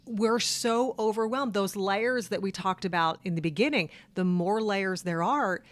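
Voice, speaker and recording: A woman's voice: mid-range voice, measured pace, few pauses. A woman hosting a talk show, speaking in an earnest, conversational way. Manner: earnest, conversational, laughs along. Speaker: show host. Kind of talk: casual interview chat.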